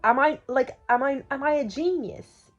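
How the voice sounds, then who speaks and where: A woman's voice: sits high, moderate pace. A young woman chatting casually on a reading vlog, rambling with lots of "like" fillers and restarts. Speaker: book vlogger. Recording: slightly dull lo-fi sound with faint music. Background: faint background music.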